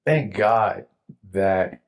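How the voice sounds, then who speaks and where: A young man shares his testimony in an interview. He tells it earnestly, with lively asides and frequent "you know" and "right?". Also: fairly low pitch, drawn-out words, vocal fry. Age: young adult. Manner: earnest, animated storytelling with many "like" and "right?". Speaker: interview guest sharing a testimony. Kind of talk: emotional personal testimony.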